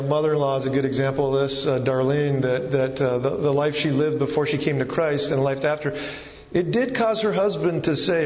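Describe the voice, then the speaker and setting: A man's voice: medium pitch, darkish tone. A male pastor giving a conversational sermon, often restarting his sentences. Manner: conversational, with frequent restarts and fillers. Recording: echoey hall, dull lo-fi sound.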